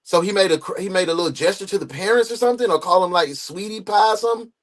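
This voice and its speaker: A man hosting a live true crime reaction stream, greeting viewers by name and reading their comments in an animated way. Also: high-pitched, very fast. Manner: animated, greets chat members and reads comments aloud. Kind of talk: casual live reaction chat.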